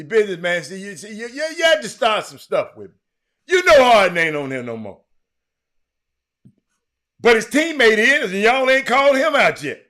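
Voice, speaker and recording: A man with a high voice hosts a casual livestream and banters with his viewers. His tone is bright and forward, and he stumbles, repeats and restarts his phrases as he teases the chat. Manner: animated, teasing the chat, frequent repeats and restarts. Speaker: livestream host.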